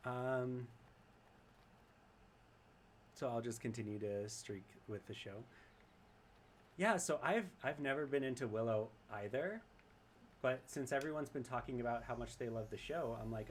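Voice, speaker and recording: A streamer with a medium-pitched voice casually comments on his gameplay and reads chat aloud, chatty, rambling and often laughing. He speaks unhurriedly with frequent pauses, and there's a little hiss or hum in the audio.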